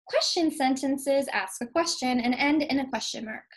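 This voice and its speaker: A woman teacher giving a recorded lesson to young children, patient and clear, slowing down to stress key words. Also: sits high, poor audio. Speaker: second grade teacher.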